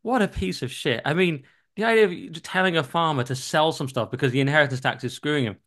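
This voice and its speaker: A man's voice: on the high side, fast talker, a bit bright. A man hosting a political podcast, talking bluntly with mocking asides and casual swearing. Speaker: podcast host.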